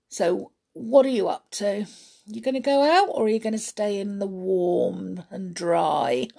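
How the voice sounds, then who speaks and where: A woman reads a children's storybook aloud, taking her time over each line. She is expressive and speaks warmly to a young listener, with her voice at a middle pitch. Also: creaky, slightly rough.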